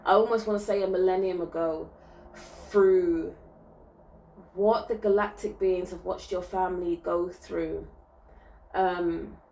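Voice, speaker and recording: A woman's voice: lowish voice, darkish tone, distant mic, slight background noise, low-quality recording. Soothing woman giving a spiritual reading. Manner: soothing, reassuring, frequent "okay?" check-ins. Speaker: spiritual reader. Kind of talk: intuitive reading to viewers.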